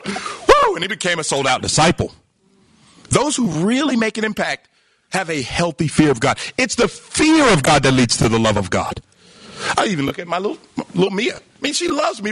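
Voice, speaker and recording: High-voiced, animated male preacher. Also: breathy edge, no echo. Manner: animated, emphatic, preaching with laughs and exclamations. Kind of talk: sermon.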